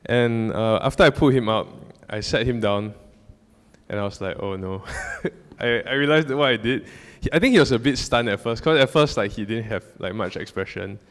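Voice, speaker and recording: A young church speaker shares a personal story in a relaxed talk, his mid-range voice moving fairly quickly. He wanders, restarting often and filling gaps with fillers, while the church hall adds a long reverb.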